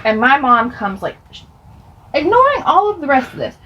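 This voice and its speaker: A woman's voice: high voice, very animated, normal speed, a bit bright, muffled recording, a little hiss or hum. A young woman chatting through a get-ready-with-me storytime as she does her makeup, rambling with laughs and asides. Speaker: beauty vlogger.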